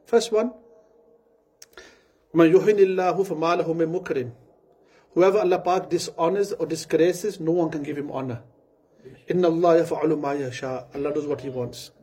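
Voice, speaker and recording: A man voicing a fallen old sheikh who speaks quietly and haltingly, as if ashamed. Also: fairly high pitch, breathy edge. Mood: broken, subdued.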